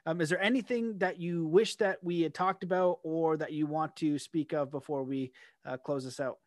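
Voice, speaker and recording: A man hosting a casual interview, rambling and animated, often acting out quoted reactions. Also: on the high side, normal speed, no room sound, clean studio sound. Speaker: podcast host.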